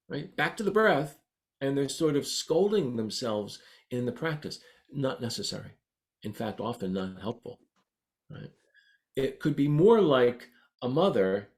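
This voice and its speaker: A man in a middle register gives a meditation talk. He speaks gently and conversationally, unhurried. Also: medium pitch. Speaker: meditation teacher. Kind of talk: dharma talk.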